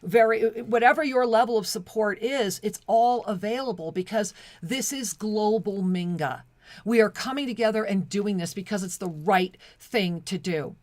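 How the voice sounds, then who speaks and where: A woman's voice: medium pitch, normal speed, darkish tone, no room sound. A woman co-hosting a spiritual talk radio show, reading listener messages in an effusive, devotional way and often restarting her sentences. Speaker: co-host.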